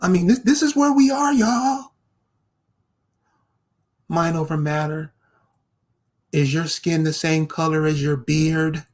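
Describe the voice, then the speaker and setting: A man with a gravelly, husky voice, pitched a little above the usual, lectures the viewer in a slow, deliberate rant. He talks confrontationally and keeps hammering rhetorical questions. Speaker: online commentator. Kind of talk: ranting commentary to camera.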